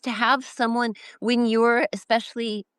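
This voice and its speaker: A woman from the United States, talking as an interview guest in a halting, earnest way, often pausing to search for words. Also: on the high side, level tone, a bit bright, smooth, no echo, clean studio sound. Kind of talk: casual reflective interview talk.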